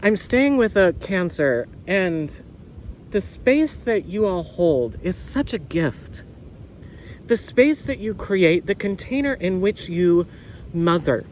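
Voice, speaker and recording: A man giving an excitable, effusive tarot reading outdoors on a windy beach, often repeating words. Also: sits high, takes it slowly, rough recording. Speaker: tarot reader. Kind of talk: casual tarot reading video. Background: wind and faint ambience.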